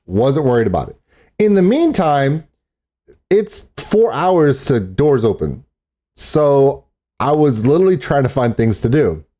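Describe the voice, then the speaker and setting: A man's voice: mid-range voice, sing-song, unhurried, mellow. A man chatting casually as a vlogger, self-deprecating and talkative. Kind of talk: casual vlog narration. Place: outdoors in a parking lot.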